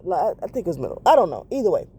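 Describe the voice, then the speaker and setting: A woman's voice: on the low side, big pitch swings, rapid-fire, mellow, a little hiss or hum. A woman hosting a podcast in a casual confessional monologue, rambling and correcting herself with lots of fillers. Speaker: podcast host.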